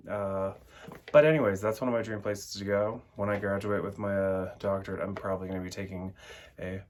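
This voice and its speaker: A young man casually reviewing a tarot deck, chatty and rambling with lots of filler words. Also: lowish voice. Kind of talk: casual chat.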